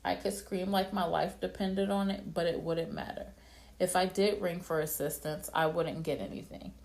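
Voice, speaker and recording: Low, creaky woman narrating. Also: steady tone, moderate pace, a little mellow. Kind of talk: first-person story narration.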